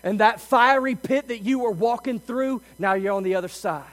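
A man preaching a sermon as pastor, moving between loud, emphatic passages and quiet, intimate asides. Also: high-pitched, moderate pace, in a large hall, faint music behind, rough recording. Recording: faint mains hum.

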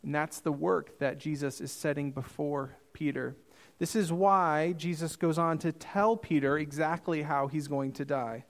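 A man preaching a sermon as pastor, earnest and emphatic, slowing down for quoted scripture. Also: fairly high pitch, steady tone.

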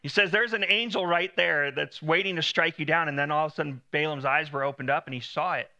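A man's voice: on the high side, quick pace, pushed and bright. A man preaching a sermon in a conversational way, lifting his voice when he quotes God.

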